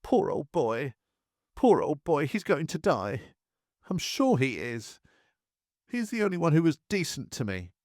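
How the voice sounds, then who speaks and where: A man's voice: fairly high pitch, huge pitch swings, a little slow, a little mellow, no room sound, studio quality, voice pushed up. A man voicing a distraught young trench mortar officer in a wartime memoir reading, blubbering and pleading in tears. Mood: tearful.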